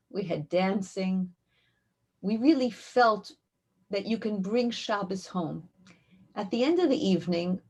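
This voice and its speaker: A woman, a rebbetzin and community educator, telling heartfelt stories in an interview, her voice climbing high when she quotes what she said. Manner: heartfelt, animated storytelling, rises high when quoting. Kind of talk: interview storytelling.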